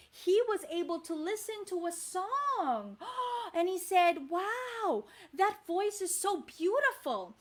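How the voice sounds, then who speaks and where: Woman from the Philippines, children's storyteller, high lively voice, slow delivery. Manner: animated, addresses kids directly. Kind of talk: live storytelling for kids.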